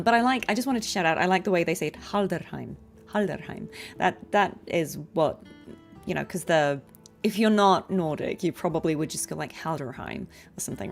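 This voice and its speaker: A British woman, a voice actor chatting casually on a game livestream, laughing often and with many fillers. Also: deep voice. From Britain. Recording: game music behind.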